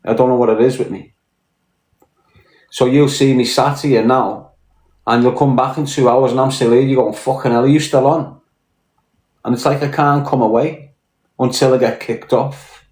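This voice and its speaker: This mid-range, slightly mellow male voice moves at a moderate pace with fairly even intonation. He's a Liverpool live streamer with a Scouse accent, bluntly ranting and swearing on a casual stream, mentally tired after hours live. The sound carries a roomy echo.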